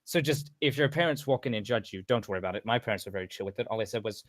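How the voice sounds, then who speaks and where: A man's voice: lowish voice, expressive, racing, few pauses, dry recording. A man casually coaching a voice-training session over voice chat, rambling with frequent restarts and asides.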